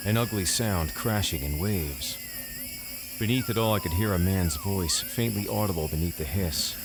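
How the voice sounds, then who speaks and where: Low-voiced man telling a horror story. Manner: measured, deadpan first-person telling. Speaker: narrator. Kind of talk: scripted horror story narration.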